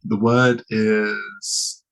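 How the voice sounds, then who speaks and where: A man's voice: on the low side, little pitch movement, very slow, vocal fry, fairly bright tone, low-quality recording. A man hosting a podcast conversation, enthusiastic and agreeable, rambling through his questions.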